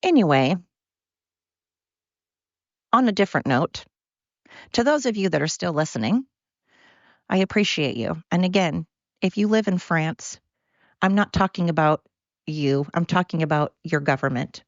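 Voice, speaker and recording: Woman, podcast host, heated and profane, low voice, muffled lo-fi sound. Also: expressive, a little slow, long pauses, dry recording. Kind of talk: solo podcast rant.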